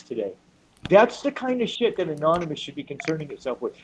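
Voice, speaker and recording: A man's voice: a little high, very animated, a little fast, slight background noise, low-quality recording. A man on a panel, talking heatedly and emphatically with a lot of swearing, often repeating words as he goes. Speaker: panel member.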